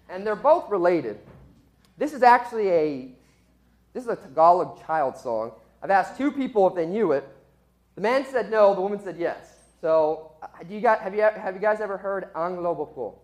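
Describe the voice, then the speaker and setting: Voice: mid-range voice, animated, moderate pace, a little mellow. Casual storytelling, sermon illustration, chatty, self-deprecating, laughing. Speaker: speaker telling a story to a group.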